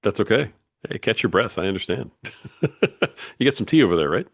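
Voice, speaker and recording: A man's voice: fairly low pitch, expressive, fairly quick, vocal fry, slightly rough, dry recording, clean studio sound. A man hosting a podcast interview, easygoing and teasing, often laughing along with his guest. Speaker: podcast host. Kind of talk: casual interview.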